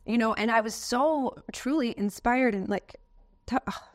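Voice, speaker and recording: American woman, earnest, emotional, animated testimony, interview. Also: fairly high pitch, moderate pace. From United States. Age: adult, has a daughter.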